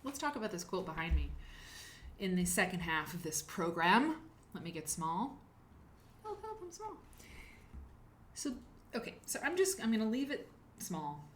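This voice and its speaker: Her lowish voice has a sing-song lilt and moves at normal speed over a little hiss or hum. She hosts a live quilting show, rambling and chatting casually while reading out viewers' names from the chat to thank them.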